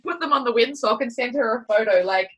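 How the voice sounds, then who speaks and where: A woman's voice: on the high side, fast talker, low-quality recording. An Australian woman author as an interview guest, playful and jokey, with lots of giggles. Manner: playful, jokey, giggly, full of goofy bits. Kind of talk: casual interview chat. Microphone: microphone with windsock on a video call.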